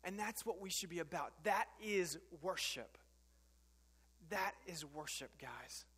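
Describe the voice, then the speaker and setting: A man's voice: sits high, animated, measured pace, bright, forceful tone, slightly rough, big-room sound. A man preaching a sermon as pastor, earnest and conversational, with frequent fillers and restarts.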